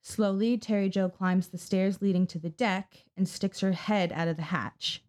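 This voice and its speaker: Her voice is medium in pitch, steady and darkish, at a moderate pace. Co-hosting a podcast, this woman relates a true-crime story conversationally, cursing liberally and performing the voices of those she quotes.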